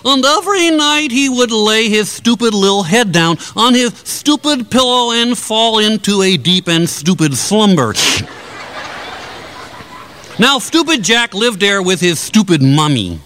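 A man telling a comic fairy tale in a drawn-out, mock-childlike way, putting on voices for the characters. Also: high-pitched, a bit bright, slight background noise. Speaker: storyteller.

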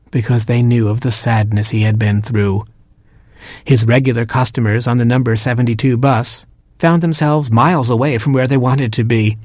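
A man reading a story aloud in a wry, gently humorous way. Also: medium pitch, no room sound, clean studio sound.

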